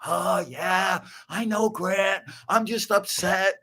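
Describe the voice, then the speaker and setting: A man imitating an emotional, excitable team owner who pleads and gushes in a raised, strained voice. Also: takes it slowly, gravelly, full character voice. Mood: pleading. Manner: high, pleading and effusive.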